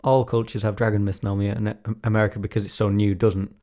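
Low-voiced man musing aloud. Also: little pitch movement, fast, dark tone. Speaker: podcast co-host. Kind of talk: casual podcast chat.

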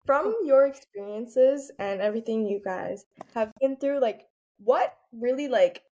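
A woman's voice: on the high side, measured pace, dark tone, highs cut off. Hesitant young woman asking questions. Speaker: co-host. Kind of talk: podcast interview questions.

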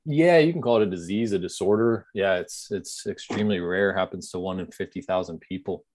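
Deep-voiced man, earnest and reflective. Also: brisk, darkish tone, dry recording. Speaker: interview guest. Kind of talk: conversational interview.

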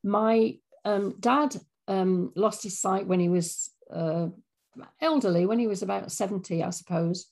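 An English woman in her fifties talks as an interview guest, her voice carrying a gravelly edge. She speaks at a thoughtful, unhurried pace with a self-deprecating humour. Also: medium pitch, darkish tone. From England. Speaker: audio drama writer, guest. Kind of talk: casual interview chat.

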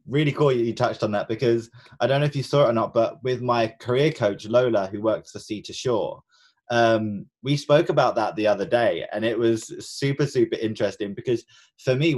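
Man, podcast co-host and coach; earnest, reflective, mid-pitched, conversational. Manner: earnest, reflective, many fillers and restarts. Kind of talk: casual podcast chat.

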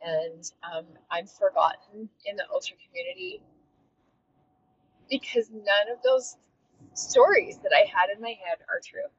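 Lively earnest woman podcaster. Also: medium pitch, unhurried. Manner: earnest, heartfelt, with frequent restarts. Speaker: podcast host and fitness coach. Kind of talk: reflective solo monologue. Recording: dull, slightly lo-fi with faint noise.

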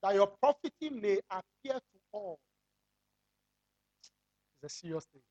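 A pastor preaching a sermon, firing rhetorical questions at the congregation and drawing out key phrases slowly for emphasis. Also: medium pitch, animated, warm tone, highs cut off.

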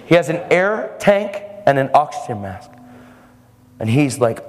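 A man's voice: mid-range voice, big pitch swings, unhurried. A man preaching a sermon, telling a testimony story in a fervent, emphatic way. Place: church service hall. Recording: reverberant hall.

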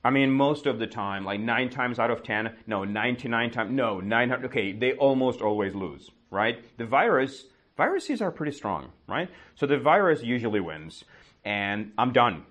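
A man's voice: mid-range voice, lively intonation, moderate pace, a bit bright, lo-fi sound. A man teaching with a casual story, asking and answering his own questions and often adding "right?".

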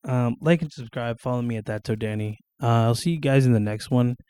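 A man's voice: mid-range voice, fairly quick, dark tone, smooth, no echo, studio quality. A young man hosting his own casual podcast, rambling with lots of fillers, restarts and casual swearing. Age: young adult. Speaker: solo podcast host. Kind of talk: casual solo podcast monologue. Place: at home, on camera.

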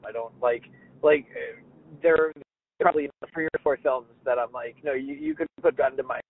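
A man's voice: mid-range voice, big pitch swings, a little fast, vocal fry, slightly rough, dry recording. A male podcast host in casual chat, jokey and full of restarts, who likes trying out silly voices. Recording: dry tinny phone-like line.

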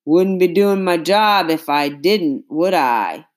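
A woman voicing a smooth-talking older male neighbor who speaks in a quick, folksy, soothing way. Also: on the low side, lively intonation. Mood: placating.

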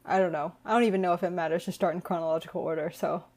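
A woman's voice: fairly low pitch, fairly even intonation, rapid-fire, darkish tone. A woman hosting a book podcast, chatting casually and summarizing the plot, with many "like"s and "um"s. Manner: chatty, uses fillers like "like" and "um". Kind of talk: casual chat.

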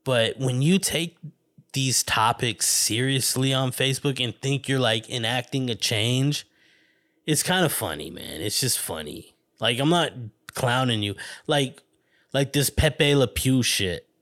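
A man's voice: mid-range voice, expressive, measured pace, fairly bright tone. A man hosting a solo podcast, rambling casually, swearing constantly and laughing often. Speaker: podcast host.

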